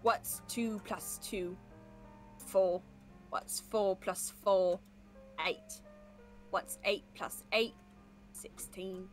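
Slow-talking goofy young woman streamer. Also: mid-range voice, fairly even intonation, soft background music. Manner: goofy, makes silly sound effects and jokes. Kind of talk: casual gaming chat.

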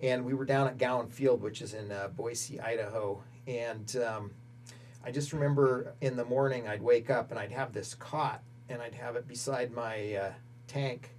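A middle-aged man from Montana recalls his past in a recorded oral history interview. He speaks at an ordinary, mid-range pitch, pausing often and filling gaps as he gathers his thoughts. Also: slight background noise. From Montana, United States. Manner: reflective storytelling with frequent pauses and fillers.

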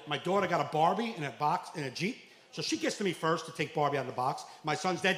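Loud New comic in an echoey club. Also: male voice, a little high, fast talker. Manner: loud storytelling with acted quotes, shouting punchlines. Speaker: stand-up comedian. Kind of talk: stand-up set. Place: comedy club stage. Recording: echoey club room, faint noise.

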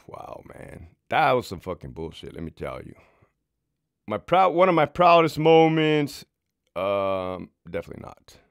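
A man's voice: medium pitch, sing-song, unhurried, pauses often, clean tone, no echo, studio quality. A man, a former prison sergeant, telling his own story to camera in a casual, heated, profanity-filled way.

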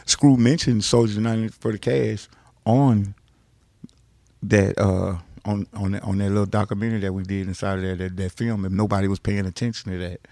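A man from Texas, an interview guest, telling long stories in an animated way, repeating words and swearing freely. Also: lowish voice, normal speed, no echo. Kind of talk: animated storytelling.

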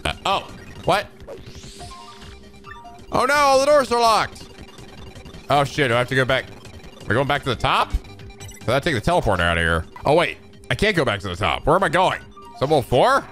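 Animated, jokey gameplay commentator, male. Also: mid-range voice, normal speed, long pauses, faint music behind. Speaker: let's play host.

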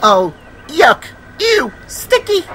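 A man voicing a small, easily upset engine who talks in a whiny, indignant way, over loud background music. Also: high voice, very animated, normal speed, voice pushed up. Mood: alarmed.

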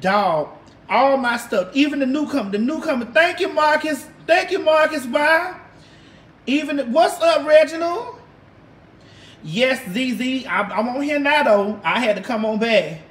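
With a high-sitting, animated voice, this livestream host takes her time as she talks with her viewers. Her style is brash, sassy, and drawling, with plenty of swearing, and the room echoes around her.

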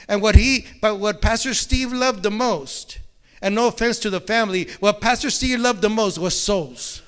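A man with a high, smooth voice preaches in a church. He tells folksy stories and fills his pauses with amen. He builds up as he talks about his spiritual fathers. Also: a bit bright. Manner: repeats amen often, folksy joke-telling, bilingual. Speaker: pastor. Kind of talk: sermon. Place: church sanctuary.

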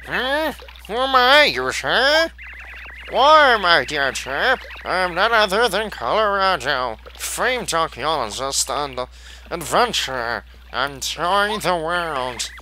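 A man's voice: high voice, big pitch swings, slow pace, sharp tone, a little hiss or hum, heavily acted, low-quality recording. A man voicing a pompous male archaeologist explorer in a put-on posh British accent, plummy and theatrical.

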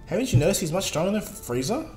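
A man's voice: high-pitched, very animated, fast, a little mellow, pitched above the performer's own voice. A man voicing a cheerful, easygoing hero in a raised, upbeat voice, in an echoey room. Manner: upbeat, lifted voice. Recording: echoey room, faint music.

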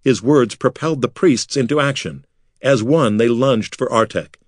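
A man reading a children's adventure book aloud in steady scripted narration. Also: medium pitch, normal speed, dry recording, studio quality. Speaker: audiobook narrator.

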